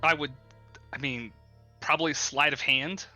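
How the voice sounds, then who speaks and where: A man's voice: on the high side, fairly even intonation, unhurried, bright, forceful tone, faint music behind. A man narrating as game master of a tabletop game in a casual, filler-heavy way.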